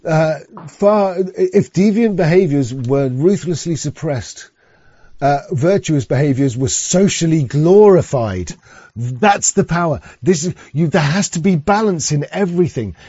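A man's voice: fairly high pitch, lively intonation, unhurried, warm tone, breathy edge, no echo. A man hosting a casual talk show who rambles, swears and often restarts his sentences. He sometimes reads text aloud. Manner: rambling and profane, with frequent restarts. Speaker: podcast host. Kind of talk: casual chat and reading aloud. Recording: dull, dry lo-fi recording.

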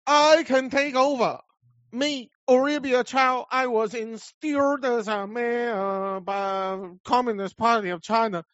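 A man doing a mocking impression of a scheming female mayor, speaking halting broken English with many pauses. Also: very high voice, steady tone, fairly bright tone, no echo, exaggerated voice. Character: mock female city mayor, bossy, scheming. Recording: dull lo-fi clip.

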